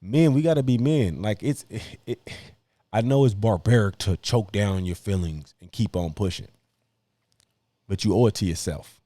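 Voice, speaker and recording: A man's voice: lowish voice, normal speed, warm tone, dry recording. A young man hosting a podcast, talking bluntly in slang and preaching hard-work advice to other men. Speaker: podcast host. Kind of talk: casual podcast debate, preachy monologue.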